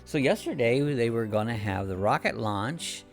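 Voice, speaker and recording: Guy hosting a home live chat, gravelly voice, middle pitch, rambling, reads out comments. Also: expressive, moderate pace, faint music behind. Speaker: live-stream host. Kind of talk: casual live-stream chat.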